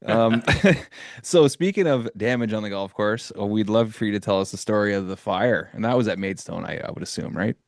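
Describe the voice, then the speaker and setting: Host guy cracking jokes, bit low voice, dry sound. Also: a little fast, gravelly, no room sound. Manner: jokey, teasing. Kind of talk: casual interview chat.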